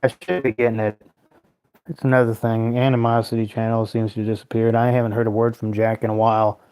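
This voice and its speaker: A man's voice: on the low side, little pitch movement, quick pace, warm tone, clear, resonant tone. A man hosting a casual livestream at home, reading viewer comments aloud and rambling with lots of swearing and frequent laughter. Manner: profane, rambling, laughs often. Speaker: livestream host.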